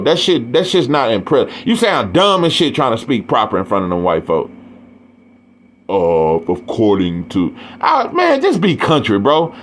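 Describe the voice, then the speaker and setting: A man with an East Texas Southern accent, ranting bluntly and profanely about boxing and repeating his points. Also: on the high side. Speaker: boxing commentator. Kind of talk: ranting monologue.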